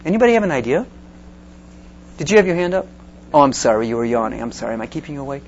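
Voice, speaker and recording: A man pastor preaching a sermon to a young group, joking and teasing his listeners between scripture readings and building stories up with excitement. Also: mid-range voice, rapid-fire, dull audio, a little hiss or hum.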